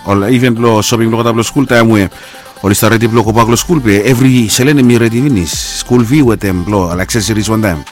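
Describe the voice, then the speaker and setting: Man, radio host, rambling casual talk, faint music behind. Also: quick pace. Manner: rambling, animated, pitch jumps up on quoted lines. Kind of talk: casual radio talk with listener shout-outs.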